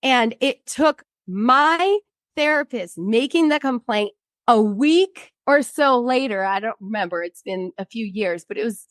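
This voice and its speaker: A woman's voice: on the high side, lively intonation, unhurried, dry recording. A woman in her thirties, a guest in an interview, telling a personal story bluntly and with frequent swearing, acting out what other people said.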